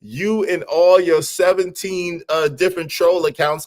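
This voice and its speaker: A man's voice: high-pitched, steady tone, measured pace, darkish tone. A man hosting a live stream in casual chat, talking animatedly, teasing the viewers and laughing often. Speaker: livestream host.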